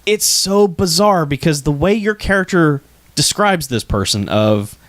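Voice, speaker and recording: Animated man telling a casual story. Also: on the high side, measured pace, no echo. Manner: animated, swearing, laughing storyteller. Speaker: podcast co-host. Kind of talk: casual chat.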